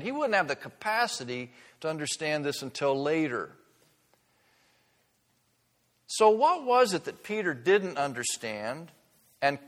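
An earnest man preaching a sermon with a slightly high voice. He is emphatic and slows right down to stress key words. A long echo from a large church hall trails after each line. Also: fairly bright tone.

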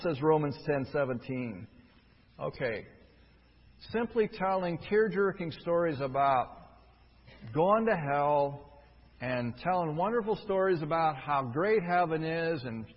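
A man preaching a sermon, emphatic, rising from quiet stretches to loud, forceful peaks. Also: a little high, big pitch swings, unhurried, breathy edge. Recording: dull, lo-fi with long hall reverb.

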